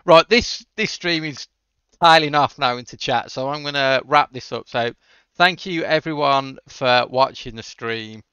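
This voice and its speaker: A man's voice: mid-range voice, a little slow, bright, forceful tone, clean tone, no room sound, highs cut off. A man hosting a casual coding livestream, answering chat questions with dry jokes. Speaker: livestream host.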